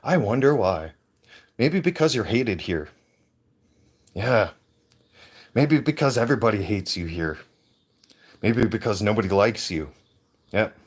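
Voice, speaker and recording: A man's voice: lowish voice, expressive, a little slow, long pauses, husky. A man ranting in a heated, profane way into a handheld phone on a livestream. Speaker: veteran livestreamer. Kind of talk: angry livestream rant.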